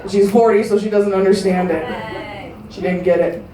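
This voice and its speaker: A woman in her thirties doing a crude stand-up comedy set, delivering brash, deadpan punchlines to a live audience in a large casino showroom. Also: medium pitch, moderate pace, recorded from a distance, slight background noise. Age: 30s. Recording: roomy live-venue recording from afar.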